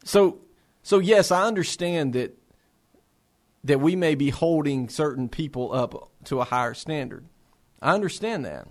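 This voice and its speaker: Man, high voice, impassioned, rhetorical questions, earnest address to believers. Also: expressive, measured pace. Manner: impassioned, rhetorical questions, repeats words when starting phrases. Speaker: speaker for a faith-based resource center.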